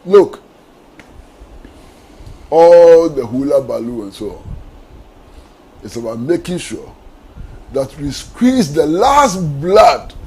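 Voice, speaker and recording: A man's voice: on the high side, very animated, slow pace, pauses often, dark tone, breathy edge, poor audio. A man, a panelist giving impassioned political commentary on a talk show, asking repeated rhetorical questions. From Ghana.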